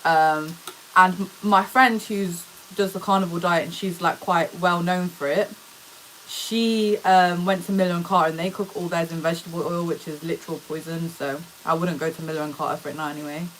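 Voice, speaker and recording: A young woman talks casually to her live-stream viewers from her home kitchen. Her voice sits a little low, and she is loose and slangy as she answers the chat. A faint sizzle of frying food runs behind her. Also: fairly even intonation, a little fast, a little hiss or hum. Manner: chatty, slangy, answers viewer comments aloud. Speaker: livestreamer.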